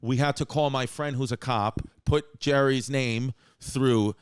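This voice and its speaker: New man, comedy podcast host, quick storytelling, dry close mic. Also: medium pitch, steady tone, clear, resonant tone, dry recording. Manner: rapid storytelling with restarts and acted quotes. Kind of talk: casual comedic chat.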